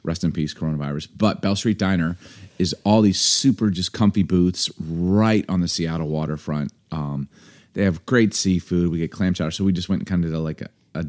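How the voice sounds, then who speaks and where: A man, co-hosting a casual podcast chat, relaxed and rambling. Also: low-pitched. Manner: relaxed, rambling, laughs often. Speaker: podcast co-host.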